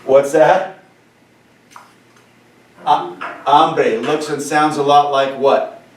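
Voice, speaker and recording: A male Spanish teacher giving a lesson, animated and joking, who keeps repeating key phrases and checking with "right?". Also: on the high side, extremely slow, reverberant, far from the mic, poor audio. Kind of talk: classroom lesson over a video call. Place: classroom or room with a board.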